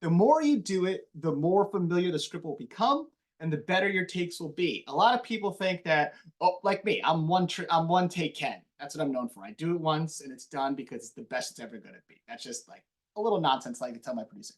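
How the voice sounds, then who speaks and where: Animated high-voiced man lecturing a class. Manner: animated, quick, self-admitted slight mumble. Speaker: TV news anchor giving a guest lesson.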